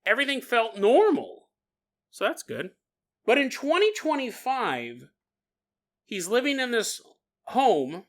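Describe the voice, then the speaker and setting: A man's voice: sits high, a bit bright. A man hosting a podcast, telling a story in a casual, jokey way with laughing asides and acted-out bits. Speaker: podcast host.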